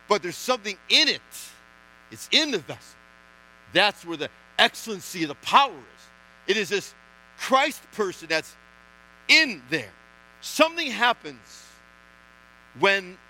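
A man with a high, bright and forceful voice preaches a sermon in church. He is emphatic, dropping to near-hushed lines and then rising loud, with a faint hum behind him. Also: rough recording. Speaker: pastor.

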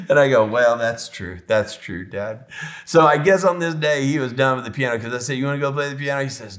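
A middle-aged man, a pastor, telling a personal story in a sermon, emotional and often dropping to a soft, hushed voice. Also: medium pitch, wildly swooping pitch, moderate pace.

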